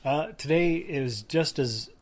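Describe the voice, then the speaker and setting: A man's voice: a little high, slow. Tired, rambling man chatting on a podcast. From Canada. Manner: rambling, self-deprecating, a little slurred from tiredness. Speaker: podcast co-host. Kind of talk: casual chat.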